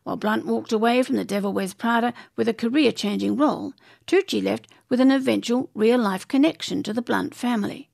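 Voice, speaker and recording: Female voice-over for showbiz news: gravelly, slightly high, dry and close. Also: a little fast, a little mellow, no echo. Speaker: narrator. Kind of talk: scripted entertainment news narration.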